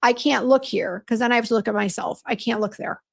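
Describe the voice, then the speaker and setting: Gravelly-voiced woman in her fifties chatting. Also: a little high, quick pace. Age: 50s. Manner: chatty, frank and self-deprecating, often exclaiming. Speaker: beauty brand owner hosting a live stream. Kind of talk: casual live-stream chat, reading viewer comments.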